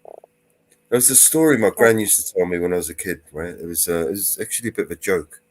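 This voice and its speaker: A man's voice: low voice, brisk. A man hosting a live stream panel, chatting casually, laughing often and rambling through stories.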